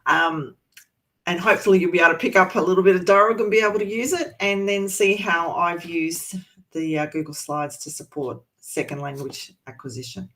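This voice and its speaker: A woman's voice: lowish voice, fairly quick, fairly bright tone. An Australian woman from Sydney, a language teacher giving an online presentation and explaining patiently with frequent ums. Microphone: video call.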